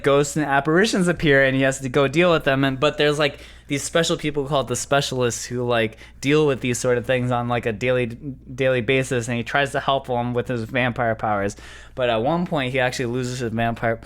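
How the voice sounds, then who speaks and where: A man's voice: mid-range voice, steady tone, a little fast, a bit bright. A tipsy young man, a guest on a casual chat, stumbling through a long plot summary with lots of fillers. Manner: rambling, hesitant, full of "like". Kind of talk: drunk casual chat, retelling an anime plot.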